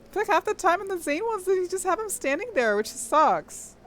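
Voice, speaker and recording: A young woman streaming, reading a game's story aloud and breaking off into gushing, excitable commentary with squeals and laughter. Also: extremely high pitch, a little fast, faint music behind.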